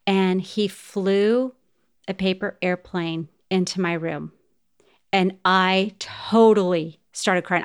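Taking her time, this middle-aged woman hosts a podcast and tells a heartfelt personal story straight to her audience. Her voice is medium in pitch, steady and clean.

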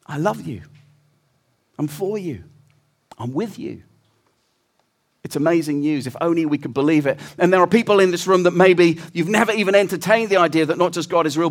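A middle-aged man preaching a sermon. He talks earnestly, climbs to loud emphasis and drops to a soft hush. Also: fairly high pitch. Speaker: pastor.

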